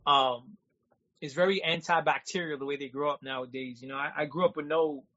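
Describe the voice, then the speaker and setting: A man's voice: on the high side, steady tone, fairly quick, pushed and bright. Laid-back New man in his forties. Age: 40s. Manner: streetwise, laid-back, keeps saying "you know what I'm saying". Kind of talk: casual chat. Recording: dull lo-fi sound.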